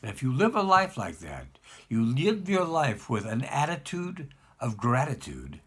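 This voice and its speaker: A man's voice: medium pitch, wildly swooping pitch, a little slow, breathy edge. A man speaking as a rabbi, giving an emphatic spoken lesson and repeating points to press them home.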